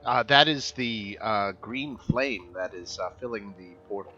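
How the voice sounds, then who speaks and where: A man with a fairly low but bright, forward voice narrates as dungeon master, halting on fillers as he checks the rules. The sound is dull and lo-fi over voice chat. Faint music plays behind him. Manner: hesitant, many uh fillers while reading rules. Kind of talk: narrating a tabletop game.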